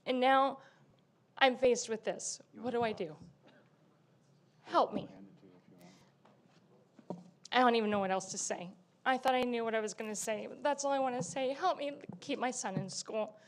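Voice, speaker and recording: A middle-aged mother pleads at a public meeting, her voice high and close to breaking. She talks in an emotional, near-tearful rush, asking for help. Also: brisk. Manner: pleading, on the verge of tears. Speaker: parent speaking at public comment.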